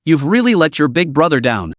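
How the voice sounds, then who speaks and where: A man voicing a calm, smiling male poisoner who taunts his captive. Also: on the high side, fairly quick, dry recording, studio quality. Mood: taunting.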